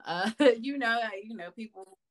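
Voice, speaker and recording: A woman, a podcast guest, chatting casually and telling lively stories with lots of laughter. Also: fairly high pitch, moderate pace, a crowd in the background. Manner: animated, laughing, calls listener "girl". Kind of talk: casual storytelling chat.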